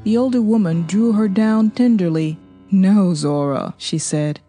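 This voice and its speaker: A woman narrating a novel as an audiobook, reading in a steady, measured way. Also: medium pitch, faint music behind. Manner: steady, even, measured storytelling. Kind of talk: scripted narration.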